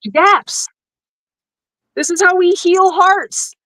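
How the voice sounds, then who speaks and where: A woman's voice: very high voice, takes it slowly, sharp tone, no room sound, poor audio. Tearful woman on a video chat. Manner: emotional, tearful and laughing. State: teary. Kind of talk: casual panel chat.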